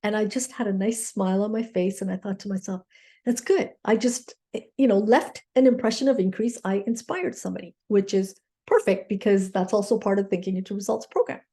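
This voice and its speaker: A woman's voice: medium pitch, fairly quick, dark tone. A woman mindset coach telling a personal story in an earnest, grateful way, often checking in with her listeners with "okay?".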